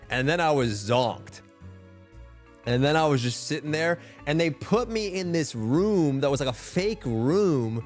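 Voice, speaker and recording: A man's voice: a little high, moderate pace, soft background music. A young man and streamer telling a story in casual chat, rambling with lots of filler words and swearing.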